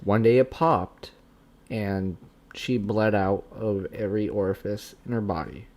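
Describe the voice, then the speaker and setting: A young man hosting his own livestream, speaking candidly and haltingly, with many restarts. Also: lowish voice, darkish tone. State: tearful, emotional. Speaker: channel host being interviewed. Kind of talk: casual livestream chat.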